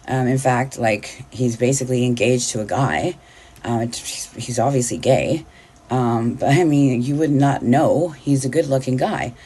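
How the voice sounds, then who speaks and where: Blunt husky woman telling her story. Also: rumbling low, dark tone. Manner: candid, blunt, swears freely.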